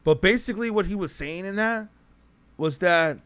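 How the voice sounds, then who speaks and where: A man's voice: fairly high pitch, normal speed. A man hosting a casual livestream podcast, talking straight to his chat in a rambling, self-correcting way. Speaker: podcast host reading live chat.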